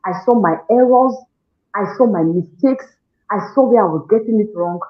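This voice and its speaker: A woman with a Nigerian accent giving an animated testimonial, acting out her own scolding and prayers and laughing often. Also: mid-range voice, moderate pace. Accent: Nigerian English. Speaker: parenting program participant. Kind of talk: testimonial interview. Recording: echoey room on a tinny phone-like line.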